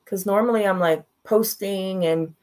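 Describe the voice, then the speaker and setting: A woman's voice: mid-range voice, unhurried, darkish tone. A woman guest in an interview, telling a personal story in a frank, blunt way and laughing through the hard parts.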